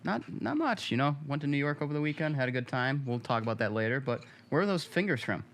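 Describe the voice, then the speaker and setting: A man co-hosting a casual talk show, relaxed and easygoing with a dry touch. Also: medium pitch, quick pace. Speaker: co-host. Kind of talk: casual chat.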